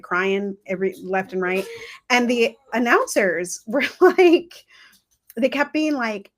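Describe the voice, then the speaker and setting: A woman's voice: mid-range voice, fairly bright tone. A woman hosting a coaching masterclass on a livestream. She talks in a casual, chatty way and acts out her examples with laughs. Her voice sits in the middle of the usual range.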